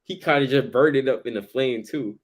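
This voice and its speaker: A man's voice: medium pitch, fairly quick. A man co-hosting a casual Bible study discussion who talks loosely in slang and laughs often.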